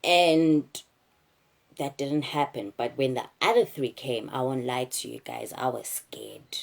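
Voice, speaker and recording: A woman's voice: very deep voice, fairly even intonation, unhurried. A young woman frankly retelling a personal ordeal, emotional and restarting often. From South Africa. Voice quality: husky. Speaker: vlogger. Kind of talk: candid storytime retelling.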